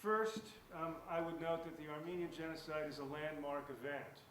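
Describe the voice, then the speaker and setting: A man's voice: on the high side, fairly even intonation, normal speed, fairly bright tone, slight background noise. Man lecturing in an echoey hall from afar. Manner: earnest and emphatic, often repeating words as he restarts. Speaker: guest lecturer and author. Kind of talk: public lecture to an audience. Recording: echoey hall picked up from a distance.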